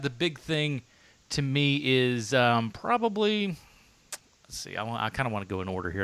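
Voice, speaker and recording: Bright-voiced man in casual podcast chat. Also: mid-range voice, smooth, dry recording. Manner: halting, many restarts and fillers, laughs often. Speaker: podcast co-host. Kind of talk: casual movie-review chat.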